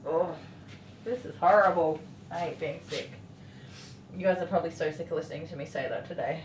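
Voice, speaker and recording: A woman's voice: low voice, a little fast. An Australian woman grooming dogs on a livestream, chatting casually, coaxing the dogs and often laughing. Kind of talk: casual livestream chat while working. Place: grooming salon. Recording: roomy distant mic with loud noise.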